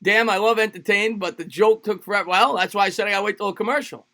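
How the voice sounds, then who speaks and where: Man, high voice, forceful bright tone, live play-by-play stream, jokey, greets chat by name. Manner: rapid play-by-play calls, greets chatters by name; jokey and loose, repeats phrases. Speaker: livestream sports host.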